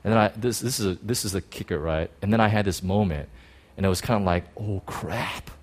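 A man preaching a sermon, telling a personal story in an excited, animated way with many restarts. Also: fairly low pitch, fast talker.

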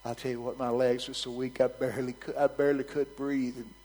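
A man preaching a sermon, telling a story vividly in a frank, conversational way that swings from soft near-whispers to loud, emphatic bursts. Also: medium pitch, flat delivery, brisk, low-quality recording.

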